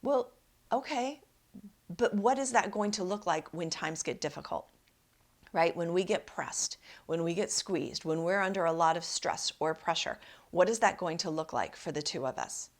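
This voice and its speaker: Emphatic woman life coach, slightly low voice. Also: normal speed. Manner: storytelling, emphatic and conversational, asks "right?". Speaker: life coach and podcast host. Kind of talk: solo podcast talk.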